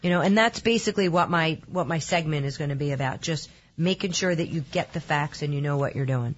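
A woman co-hosting a radio show, practical and brisk, reciting figures. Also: sits low, muffled recording. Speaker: mortgage segment co-host. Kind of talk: casual radio chat.

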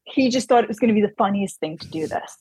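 A woman author telling an animated personal anecdote in casual chat, quoting the people in it. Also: medium pitch, fast, breathy edge, no room sound.

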